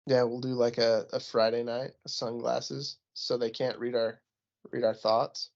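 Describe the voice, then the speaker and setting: A man's voice: mid-range voice, level tone, a little slow, gravelly, a little mellow, muffled recording. A man co-hosting a podcast in casual banter, laid-back, swearing freely and laughing often. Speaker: podcast co-host.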